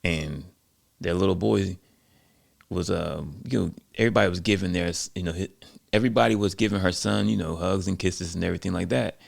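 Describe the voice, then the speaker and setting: Deep gravelly man telling a story. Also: fairly even intonation, a little fast. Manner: conversational, with many fillers. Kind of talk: casual storytelling.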